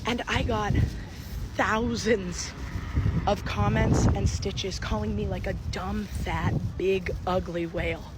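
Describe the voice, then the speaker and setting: A woman's voice: medium pitch, fairly even intonation, very noisy. A woman venting hurt feelings in an emotional confessional vlog clip. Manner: hurt, venting, drawn-out delivery. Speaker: online creator.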